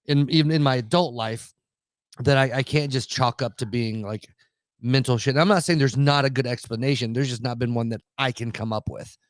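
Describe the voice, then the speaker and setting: A man co-hosts a podcast in loose, rambling talk, swearing freely as he goes. His voice sits at a medium pitch, and the dry, close mic carries no room sound at all. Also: a little fast, dry recording. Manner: rambling, profane, laughing. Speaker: podcast co-host. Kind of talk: casual podcast chat.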